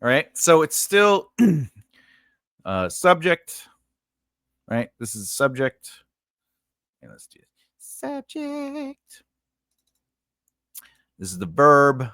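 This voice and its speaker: A man's voice: medium pitch, very animated, takes it slowly, pauses often, fairly bright tone, no echo, studio quality. A man giving a casual lesson on building grammar for invented languages, rambling and correcting himself, often checking in with "right?". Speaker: writing teacher.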